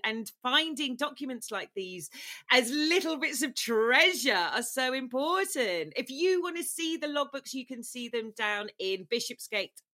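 A woman's voice: fairly high pitch, sharp tone. A woman in her forties hosting a podcast, chatting in a cheeky, playful, bubbly way. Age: 40s. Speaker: podcast host. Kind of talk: casual podcast chat.

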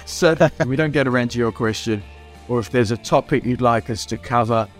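Animated man co-hosting a podcast. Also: medium pitch, brisk, faint music behind. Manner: animated, exclaims and laughs often. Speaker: podcast co-host. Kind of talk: casual chat.

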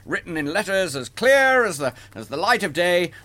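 A man putting on a jolly, kindly old Father Christmas voice, drawing out his words slowly. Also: sits high, sing-song, voice pushed up, exaggerated voice. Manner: slow, warm storytelling delivery.

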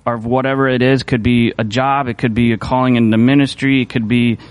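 A man's voice: medium pitch, flat delivery, a little fast, clean tone. A man, a church pastor, giving a sermon in a loose, conversational way, full of restarts and fillers. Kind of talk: casual sermon talk.

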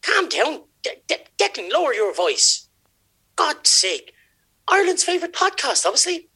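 A man's voice: big pitch swings, normal speed, bright, forceful tone, full character voice. A man putting on flustered Irish wife Mary. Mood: flustered scolding. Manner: high, exasperated scolding. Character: middle-aged Irish woman Mary, flustered and bossy.

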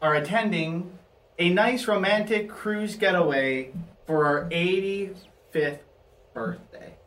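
A man's voice: high voice, takes it slowly, fairly bright tone. A man telling a story in casual podcast chat, rambling with lots of fillers. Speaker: podcast host. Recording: roomy and a bit distant, faint noise.

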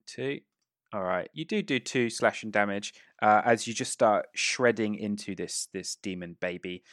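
A man's voice: fairly low pitch, moderate pace, fairly bright tone, no room sound, clean studio sound. A man narrating as game master of a tabletop game, describing gory action with relish and lots of fillers. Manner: gleeful, gory narration with frequent fillers and laughs.

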